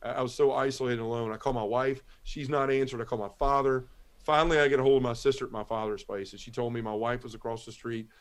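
A man giving a halting, emotional personal testimony as a guest on a talk show, often repeating words as he speaks. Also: mid-range voice, fairly even intonation. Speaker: guest telling his conversion story.

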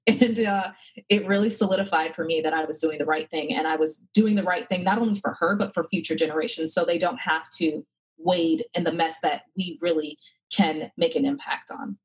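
A woman's voice: sits low, steady tone, fairly quick, breathy edge, rough recording. A woman in her thirties, a podcast guest, telling her story earnestly and with feeling, with many fillers and restarts. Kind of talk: casual interview talk.

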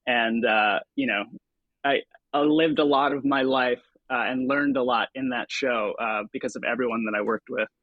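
A man in his thirties who performs on stage and TV tells stories as an interview guest, relaxed and conversational. He's hesitant, with lots of fillers and restarts, yet grows animated when quoting himself. His mid-range voice moves at normal speed; the sound is phone-quality with no echo.

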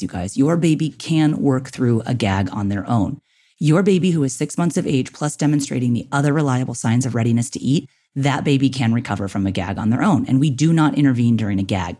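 A man's voice: medium pitch, darkish tone, breathy edge. A man hosting an instructional podcast, talking directly to listeners in a coaching way and often checking in with "okay" and "right". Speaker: podcast host.

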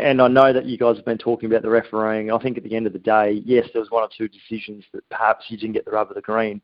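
A man with an Australian accent, a rugby journalist joining as a guest from abroad, talking in a measured, analytical way. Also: lowish voice, dry recording. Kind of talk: phoned-in interview. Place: remote, abroad, at night. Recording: dull lo-fi remote line.

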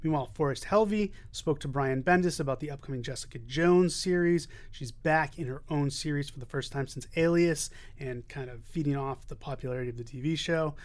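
A man's voice: on the high side, a little fast, few pauses. Upbeat man running a podcast news roundup. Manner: upbeat, relaxed, with fillers. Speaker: podcast host.

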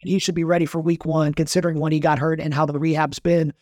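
A man talking sports as a reporter on a podcast, telling stories in a lively, animated way. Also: fairly high pitch, no echo, clean studio sound. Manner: animated storyteller, quick and bright. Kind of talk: casual podcast chat.

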